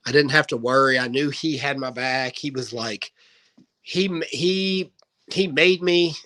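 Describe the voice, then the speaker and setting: A man's voice: mid-range voice, unhurried, poor audio. A man in his thirties, a guest wrestler, telling stories in a casual interview and acting out what people said. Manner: animated anecdote-telling, acting out quoted dialogue.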